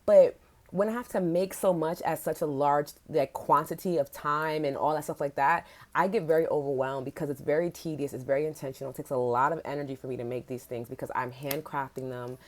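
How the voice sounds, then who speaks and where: A woman's voice: low voice, fairly even intonation, a little fast, darkish tone. A woman hosting a casual livestream podcast, talking candidly and chattily with frequent "like"s and casual swearing. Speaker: podcast host.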